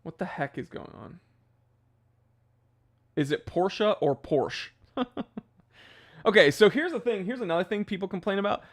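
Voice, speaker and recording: A man's voice: high-pitched, animated, measured pace, pauses often. A man hosting a casual livestream, chatting loosely and rambling, with laughs at his own jokes. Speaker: livestream host.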